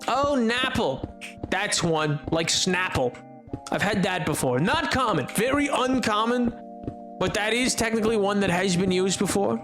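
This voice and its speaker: A man with a noticeably high voice rambles and jokes as he chats with his viewers during a gaming livestream. Faint music plays quietly behind him. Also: animated, a little slow. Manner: rambling, joking, chatting with viewers. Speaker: streamer. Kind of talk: casual livestream chat while gaming.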